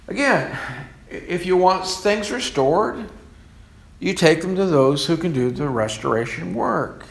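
A man's voice: high voice, a bit bright. A man preaching a sermon in an earnest way, asking rhetorical questions as he goes. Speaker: pastor.

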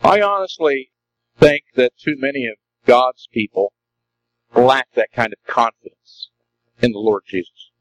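A man's voice: medium pitch, sing-song, measured pace, no echo, low-quality recording. A man preaching a sermon as a pastor, emphatic and full of rhetorical questions to the congregation.

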